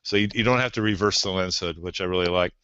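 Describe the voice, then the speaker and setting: A man who is a podcast guest, talking gear in a casual chat and often pausing with "uh". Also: deep voice, a bit bright, highs cut off, slight background noise. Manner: gear-focused, hesitant, many uhs.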